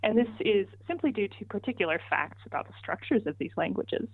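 A woman's voice: medium pitch, lively intonation, brisk, slightly rough, no room sound. A woman answering interview questions as a linguistics guest, patient and methodical, walking through examples step by step. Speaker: linguist guest explaining pronunciation. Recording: tinny phone line, dry.

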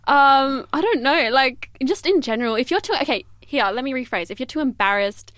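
Bubbly high-voiced young woman rambling. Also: expressive, brisk, a bit bright, no room sound, clean studio sound. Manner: giggly, rambling, lots of fillers. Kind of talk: casual chat.

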